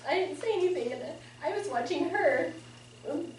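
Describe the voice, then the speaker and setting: A woman sharing memories at a memorial service, speaking haltingly with fillers and laughs. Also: very high-pitched, animated, a little mellow. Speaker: family member giving a eulogy. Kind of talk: personal memorial speech. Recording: echoey, distant and noisy.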